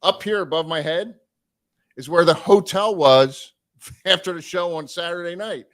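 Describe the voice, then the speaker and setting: A man casually telling a long road story on a live stream, animated and swearing, acting out the people he quotes. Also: sits high, moderate pace.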